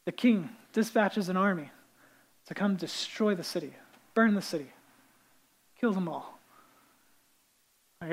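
A man preaching a sermon in a casual, animated way, with many fillers and restarts. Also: high voice, unhurried, long pauses, poor audio. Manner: animated storytelling, acting out the characters' lines. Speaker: pastor.

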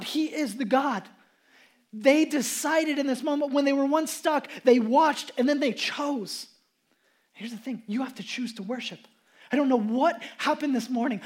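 A male pastor giving a sermon in a lively, conversational storytelling manner. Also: extremely high pitch.

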